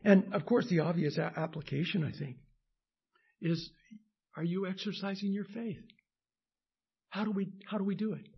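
A man preaching a sermon as pastor, pausing often with fillers and restarts, then building to emphatic peaks. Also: high-pitched, husky, highs cut off.

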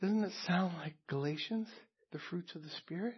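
A man preaching a sermon as a pastor, earnest and emphatic, with pauses and repeated phrases. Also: high voice, slightly rough, dull audio.

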